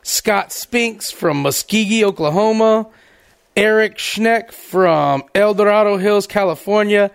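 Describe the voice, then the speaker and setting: A man's voice: high-pitched, slow, creaky, smooth. A man co-hosting a podcast, trading crude jokes and acting out silly voices, laughing often. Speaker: podcast co-host. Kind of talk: crude comedic banter.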